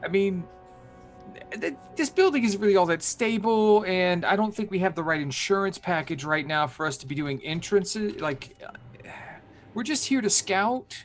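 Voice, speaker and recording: A man's voice: high-pitched, lively intonation, normal speed, faint music behind. A man playing a tabletop game in character, talking in a hesitant, cautious way. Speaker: player.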